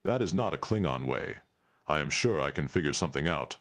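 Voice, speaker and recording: A man's voice: rumbling low, animated, a little fast, fairly bright tone. A man playing a stranded male Klingon alien who speaks stiffly and formally, without contractions, in a tabletop role-play. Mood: earnest. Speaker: player.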